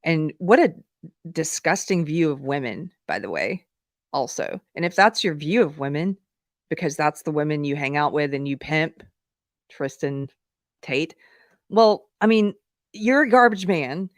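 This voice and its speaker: An outspoken woman hosts a livestream in casual, chatty commentary. Her voice sits slightly low for a woman, and the sound is dry and close with no room around it. She talks frankly, like she is hanging out with her viewers. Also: lively intonation, unhurried, no room sound. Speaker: livestream host.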